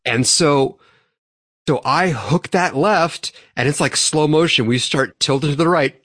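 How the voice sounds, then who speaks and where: A man co-hosting a podcast, swearing freely as he tells a lively story to his friends. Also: on the high side, a little slow, dry recording, clean studio sound. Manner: profane, animated storytelling. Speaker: podcast co-host. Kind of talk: casual storytelling among friends.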